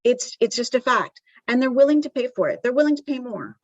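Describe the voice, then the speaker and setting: A woman's voice: a little high, lively intonation, a little fast, no echo, muffled recording. A woman giving a live conference presentation in a conversational way, with frequent ums and restarts. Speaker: conference speaker. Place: conference venue.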